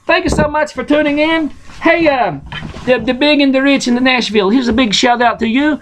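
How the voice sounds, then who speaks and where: Man from Russia, host, casual storyteller; rambling, folksy, pitched high. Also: fairly quick, a little hiss or hum, low-quality recording. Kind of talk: casual bedtime story reading.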